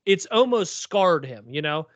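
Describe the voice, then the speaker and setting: Male podcast co-host, higher register, loose rambling delivery, close dry mic, muffled recording. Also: very animated, measured pace, a bit bright, no echo. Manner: rambling, lots of "like" and "um". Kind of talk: casual TV recap chat. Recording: dull lo-fi recording.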